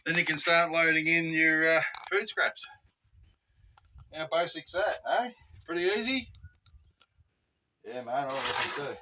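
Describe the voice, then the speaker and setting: A man's voice: fairly high pitch, a little slow, long pauses, far from the mic, very noisy. An Australian man hosting a casual backyard how-to vlog, chatty and laid-back with rambling asides. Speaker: channel host. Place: outdoors in a backyard.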